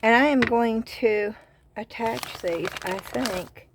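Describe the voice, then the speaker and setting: A woman's voice: fairly high pitch, slow pace, background noise. Chatty Southern woman gushing over bargains. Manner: chatty, excited about bargains, rambling asides. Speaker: craft vlogger. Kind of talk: casual haul and craft chat.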